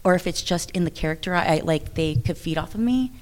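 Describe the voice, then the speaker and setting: A woman who is a professional wrestler, talking in an interview in a chatty, animated way, with many restarts and frequent laughter. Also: lowish voice, fast talker. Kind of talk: interview conversation.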